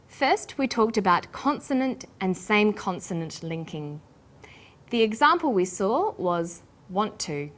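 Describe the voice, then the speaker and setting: A woman with an Australian accent presenting an English pronunciation lesson, speaking slowly and enunciating every sound with care. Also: mid-range voice. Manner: slow, careful, clearly enunciated. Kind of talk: scripted lesson narration.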